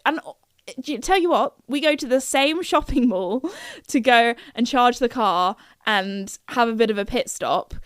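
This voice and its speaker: Young british woman, podcast host, rambling casual chat, higher voice, dry close sound. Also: moderate pace, no room sound. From United Kingdom. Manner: chatty, giggly, rambling with self-corrections.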